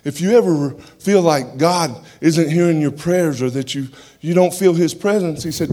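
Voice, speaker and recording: Man preaching a lively testimony. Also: on the high side, moderate pace, hardly any pauses. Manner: animated storytelling with amens. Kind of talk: church testimony.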